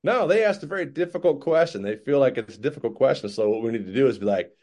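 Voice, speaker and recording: A man giving casual sales coaching, lively and acting out customer conversations. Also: mid-range voice, quick pace, hardly any pauses. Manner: animated, acts out customer dialogues.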